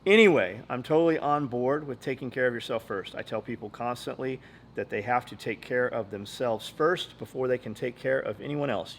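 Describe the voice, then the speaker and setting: Guy hosting a podcast, cursing a lot, rambly and blunt, bit of hiss behind. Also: mid-range voice. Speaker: podcast host. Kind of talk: casual podcast chat.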